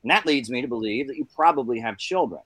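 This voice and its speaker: A man's voice: medium pitch, fast talker, no echo. A man telling jokes and stories in casual chat, doing little voices for the people in them. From New York. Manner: animated storyteller, doing voices for characters.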